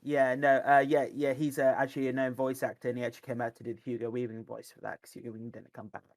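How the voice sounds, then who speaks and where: Speaking fast and in a level tone, a man with a mid-range voice co-hosts a podcast. He rambles happily through casual talk about films and games, restarting often. The recording is dry.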